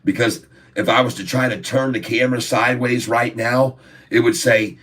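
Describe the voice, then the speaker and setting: A man's voice: medium pitch, fairly even intonation, normal speed, fairly bright tone, far from the mic. A man hosting a casual livestream from his phone, jokey and rambling, laughing often. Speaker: livestream host.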